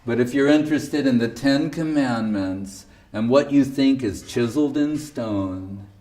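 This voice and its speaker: A male spiritual teacher, seated, giving a devotional sermon with provocative, animated storytelling and frequent laughter. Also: medium pitch, measured pace, distant mic. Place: indoor temple hall, seated.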